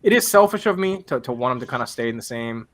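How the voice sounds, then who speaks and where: A man's voice: medium pitch, expressive, fast talker, a bit bright. Rambling self-deprecating podcast man. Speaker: podcast co-host. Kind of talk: casual movie chat.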